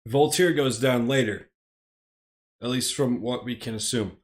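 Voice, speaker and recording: A man's voice: mid-range voice, unhurried. A man casually reading a movie script aloud on a live stream, hesitant and stammering, with frequent restarts.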